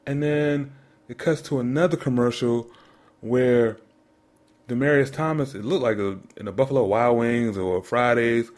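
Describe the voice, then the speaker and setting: A man's voice: medium pitch, moderate pace, a little mellow. A man co-hosting a sports podcast, ranting in a mocking, incredulous way about commercials. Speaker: podcast co-host. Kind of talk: casual sports commentary rant.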